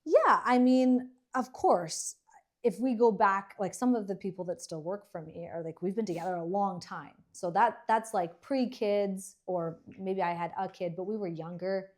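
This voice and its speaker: Dry, teasing Canadian woman co-host. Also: medium pitch. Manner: dry, teasing, quick to laugh. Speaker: podcast co-host, dentist. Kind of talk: casual chat.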